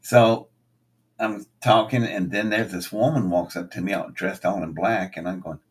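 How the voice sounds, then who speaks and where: In a casual chat, an older guest recounts a long tale at a moderate pace, his voice husky with a slight roughness. Quoted lines come out lively and acted, and his voice climbs higher on the punchlines.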